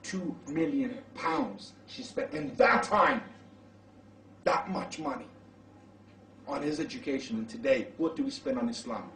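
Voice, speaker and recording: A man preaching, telling a story dramatically and rising to shouts at the climax. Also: mid-range voice, animated, unhurried, slight background noise. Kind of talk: storytelling sermon. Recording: roomy hall, mic far off.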